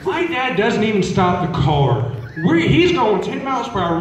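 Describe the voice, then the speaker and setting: Young man, stand-up comic, fairly high voice, chatty, quizzes the crowd, distant mic, very echoey hall. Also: sing-song, moderate pace, few pauses. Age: young adult. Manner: chatty, asks the crowd questions, acts out relatives. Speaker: student comedian. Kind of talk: stand-up storytelling. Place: school talent show stage.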